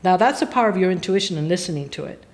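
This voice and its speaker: A woman guest on a podcast telling a personal story in casual chat, in an animated way. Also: fairly low pitch, racing. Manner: animated, acts out voices in her stories.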